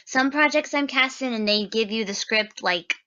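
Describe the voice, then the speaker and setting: A woman's voice: on the high side, normal speed, sharp tone, clear, resonant tone, muffled recording. A woman voice actress chatting casually on a livestream, giggly and prone to stumbling over her words. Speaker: voice actress, co-host.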